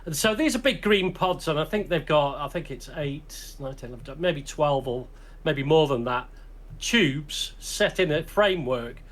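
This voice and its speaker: A British man hosts a casual podcast chat, his voice sitting high for a man. He tells stories in a loose, rambling way, often laughing and circling back to restart a sentence. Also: lively intonation, moderate pace, a bit bright. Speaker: podcast host.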